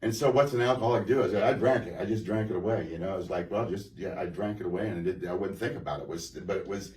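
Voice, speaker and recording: Brief: low-voiced man sharing a testimony, halting and rambling, recorded in an echoey room from a distance. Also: darkish tone. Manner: halting, rambling storytelling with many restarts and fillers. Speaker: guest giving a testimony. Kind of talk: personal testimony conversation. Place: church room.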